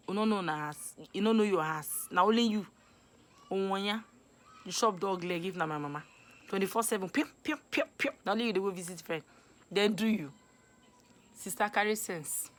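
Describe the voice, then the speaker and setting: Animated Nigerian woman vlogger. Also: on the low side. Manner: animated, scolding, preachy. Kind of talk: casual Pidgin advice monologue.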